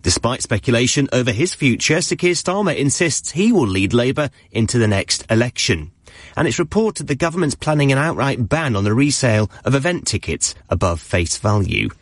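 Lively male newsreader. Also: medium pitch, no room sound, studio quality. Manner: measured headline delivery. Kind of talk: news bulletin reading.

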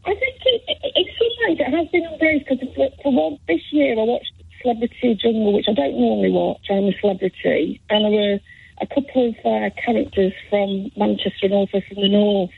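Gravelly Manchester woman on a phone line. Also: medium pitch, fairly quick, no echo. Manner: hesitant, with many fillers and repeats. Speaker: caller. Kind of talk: phone-in call.

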